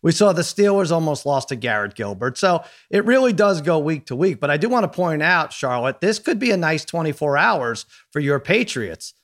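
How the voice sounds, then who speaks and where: A man's voice: on the high side, very animated, moderate pace, few pauses, a bit bright. A man hosting a casual sports talk show who often stops and restarts his sentences. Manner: hesitant restarts, many fillers.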